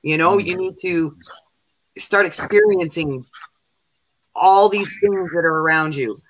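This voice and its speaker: A woman's voice: lowish voice, unhurried, a little hiss or hum, rough recording. A woman co-hosting a casual livestream, delivering a tarot reading as an emphatic, repetitive pep talk. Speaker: co-host reading tarot cards.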